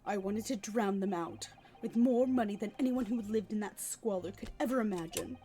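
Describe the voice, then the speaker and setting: A woman voicing a bitter, ambitious man who confesses his crimes in a steady, measured reading. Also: mid-range voice, natural voice. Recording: faint music behind.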